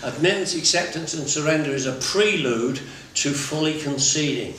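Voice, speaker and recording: A man's voice: a little high, normal speed, fairly bright tone. A man giving a blunt, conversational talk to a recovery group, with laughs and asides mixed in. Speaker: recovery workshop speaker. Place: workshop meeting room. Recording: very echoey room, mic far off, faint noise.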